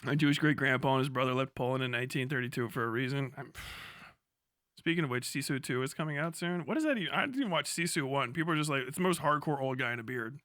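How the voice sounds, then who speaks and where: A man's voice: medium pitch, fast, fairly bright tone, no echo, clean studio sound. A young man ranting casually and profanely to a live chat, laughing often and jumping from topic to topic. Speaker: livestreamer.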